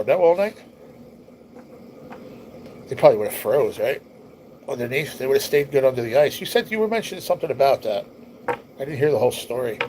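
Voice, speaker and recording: A man's voice: medium pitch, poor audio. A man chats loosely with his stream viewers, drifting from topic to topic and reading their comments aloud. His nose is stuffy and his voice sounds worn. A faint hiss of noise sits under the recording. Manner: rambling, easygoing, reads chat comments aloud. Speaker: livestream host. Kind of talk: casual livestream chat with viewers.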